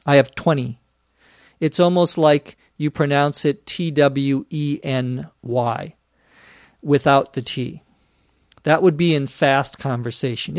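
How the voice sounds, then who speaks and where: A man's voice: fairly high pitch, a little mellow, no echo, clean studio sound. A man hosting an English-learning podcast, answering listener questions in a careful teaching style and spelling words out letter by letter. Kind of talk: slow, careful podcast lesson.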